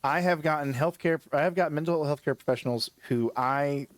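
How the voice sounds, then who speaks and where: Slightly high-voiced man rambling a story. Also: a little fast, no echo. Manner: rambling, self-interrupting storyteller who laughs at his own stories. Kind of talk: casual chat.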